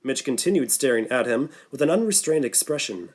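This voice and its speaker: A man's voice: mid-range voice, animated, brisk. Man narrating an audiobook. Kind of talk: scripted narration.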